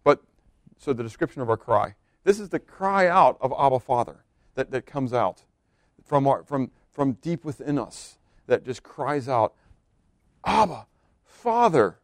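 Here a man delivers a sermon casually, quizzing his congregation and letting out the occasional laugh; he's a pastor. The voice is medium-pitched at a moderate pace, recorded with studio quality and no room sound.

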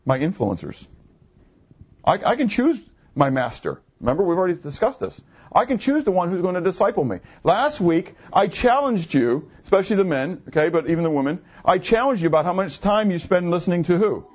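A man in his fifties delivers a conversational sermon with a slightly higher voice than most men. He keeps throwing rhetorical questions at his listeners and answering them himself. The recording is muffled and lo-fi. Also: big pitch swings, a little fast, a little mellow, breathy edge. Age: 50s. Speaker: pastor.

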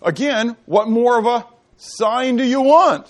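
A middle-aged man preaching a sermon, asking the congregation questions and answering them himself, moving between loud and quiet delivery. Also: very high voice, unhurried. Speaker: pastor. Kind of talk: sermon teaching.

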